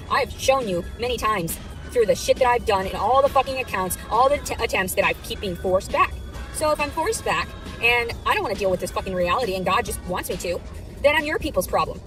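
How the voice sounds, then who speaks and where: Furious ranting woman, fast talker. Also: medium pitch, lively intonation, a bit bright, soft background music. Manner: ranting, furious, heavily profane. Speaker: vlogger in clips. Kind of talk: angry monologue to camera.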